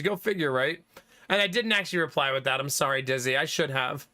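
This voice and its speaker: A man streaming live, chatting casually with his viewers, animated and laughing often, with some swearing. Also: a little high, fairly quick, no room sound, studio quality.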